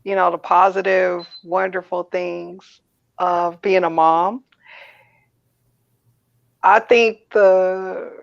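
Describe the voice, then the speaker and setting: A middle-aged woman, a mother speaking as a guest, answering thoughtfully and in a measured way. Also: fairly low pitch, steady tone, gravelly, no echo. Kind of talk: reflective conversation. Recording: dull dry lo-fi sound.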